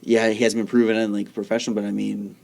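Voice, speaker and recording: A man co-hosting a sports podcast, thinking out loud in casual chat. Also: on the low side, little pitch movement, fast, vocal fry. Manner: thinks out loud, trailing hedges. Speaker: podcast co-host.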